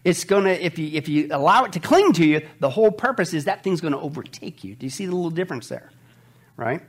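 A man's voice: fairly high pitch, fast. A middle-aged male pastor preaching a sermon, asking the congregation rhetorical questions and joking between Bible readings. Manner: animated preaching, rhetorical call-and-response questions, jokes.

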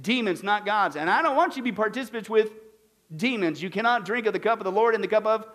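Male pastor, high voice, brisk Bible study delivery that keeps quizzing the room. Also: animated, fairly bright tone. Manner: rapid scripture citations with rhetorical questions to the audience.

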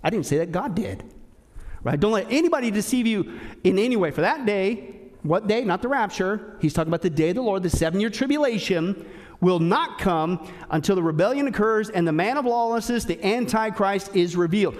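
A man preaching a sermon, emphatic, firing rhetorical questions at the congregation and swinging between loud, sharp lines and hushed, low ones. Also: lively intonation, a little fast. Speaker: pastor.

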